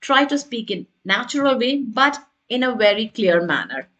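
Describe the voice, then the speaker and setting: Woman, exam prep teacher, fairly high voice, explanatory, online lesson. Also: animated, normal speed, fairly bright tone, muffled recording. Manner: explanatory, checks in with "right?" and "got it?".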